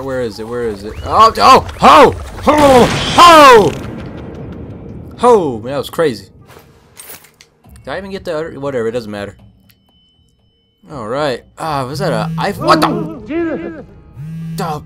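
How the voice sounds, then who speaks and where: A young man talking casually over his gameplay, exclaiming at each surprise and puzzling out loud. His voice sits a little high and sounds bright and forward. Game music runs faintly underneath. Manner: excitable, confused exclamations. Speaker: gameplay commentator. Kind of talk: casual let's-play commentary.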